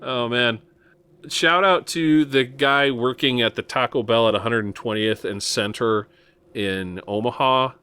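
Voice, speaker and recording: A man's voice: medium pitch, unhurried, bright, forceful tone, clean tone. A man from Nebraska hosting a podcast in casual chat, rambling with lots of fillers and chuckles. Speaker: podcast host.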